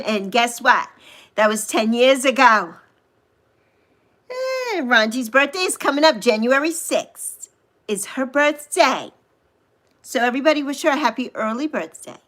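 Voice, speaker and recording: A woman in her sixties hosting a casual livestream, chatting with viewers and gushing over them with drawn-out coos. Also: a little high, a bit bright. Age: 60s. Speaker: livestream host. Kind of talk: casual livestream chat reading viewer comments.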